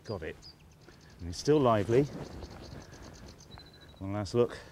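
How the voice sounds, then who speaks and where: A man's voice: fairly low pitch, lively intonation, slow pace, dark tone, slight background noise. Enthusiastic man presenting outdoors. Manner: enthusiastic, admiring, talking half to himself. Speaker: fly fishing instructor and show presenter. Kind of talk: casual outdoor presenting to camera. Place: outdoors on a riverbank.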